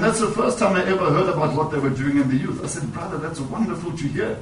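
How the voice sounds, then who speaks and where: A man's voice: a little high, expressive, fast, few pauses, a crowd in the background. A man preaching in a church, telling a personal story in a sermon and returning to "you know" as he goes. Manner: storytelling, repeats "you know", rises in emphasis. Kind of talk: sermon testimony. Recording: echoey, distant church mic.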